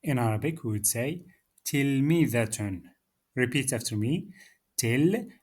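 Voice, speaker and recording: A man's voice: mid-range voice, lively intonation, moderate pace, darkish tone, husky. A man teaching a beginner Arabic lesson, patiently saying words for the listener to repeat. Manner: patient, drills words for repetition. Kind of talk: slow beginner language lesson.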